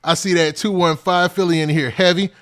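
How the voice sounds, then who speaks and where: A man hosting a hip-hop news livestream. He talks in a relaxed, casual way and keeps saying "man" and "what's up". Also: high-pitched, brisk. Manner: laid-back, repeats "man" and "what's up" often. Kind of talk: casual livestream shout-outs.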